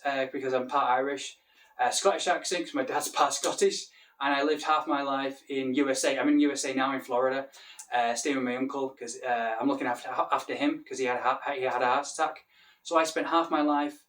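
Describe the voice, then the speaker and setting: A man's voice: mid-range voice, fairly bright tone, distant mic. Rambling Mancunian man. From Manchester, England. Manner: rambling, with many restarts. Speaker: English teacher. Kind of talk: casual talk to camera.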